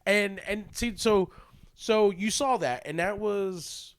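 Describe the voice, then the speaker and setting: A young man co-hosting a casual podcast chat in a slightly higher voice. He rambles and restarts his sentences, with lots of fillers, laughs and swearing. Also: slow, smooth. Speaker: podcast co-host.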